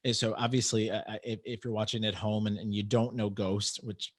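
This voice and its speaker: A man's voice: lowish voice, flat delivery, brisk. A man hosting an interview podcast, talking casually and rambling with many restarts as he explains his work as a medium. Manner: chatty, rambling with frequent restarts.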